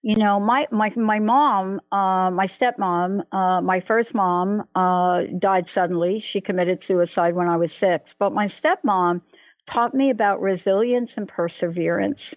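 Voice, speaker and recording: A woman hosting a talk radio show, animated and storytelling, with stumbles and restarts. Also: medium pitch, measured pace, dry recording. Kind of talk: casual radio interview. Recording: dry, dull lo-fi radio audio.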